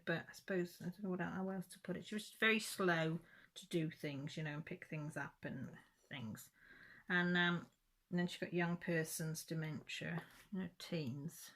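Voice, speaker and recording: A woman, chatting casually to her viewers and telling a rambling family story in plain, down-to-earth words. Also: low voice. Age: 50s. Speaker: crafting channel host. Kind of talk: casual chat while crafting.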